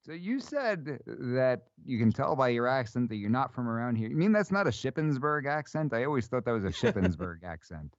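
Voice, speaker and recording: A male radio host interviewing a guest, easygoing and quick to laugh. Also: mid-range voice, big pitch swings, dry recording, highs cut off.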